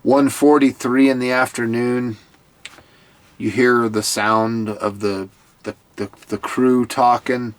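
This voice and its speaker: A man's voice: mid-range voice, flat delivery, slow pace. A man giving a casual recap of a TV episode, in an earnest, heartfelt way that sometimes stumbles over repeated words. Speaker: TV show commentator.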